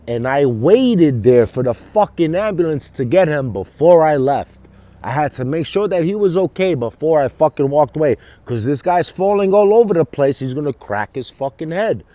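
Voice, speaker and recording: A man's voice: a little high, mellow, no echo. A man talking to camera in a rambling, profanity-heavy monologue, often restarting his sentences. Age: adult with children. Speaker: vlogger. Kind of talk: casual monologue.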